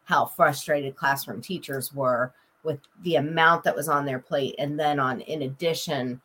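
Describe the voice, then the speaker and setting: A woman's voice: low voice, fairly even intonation, a little slow, fairly bright tone, breathy edge. A woman co-hosting a podcast, a former support specialist, speaking in an agreeable, thoughtful way. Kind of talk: casual chat.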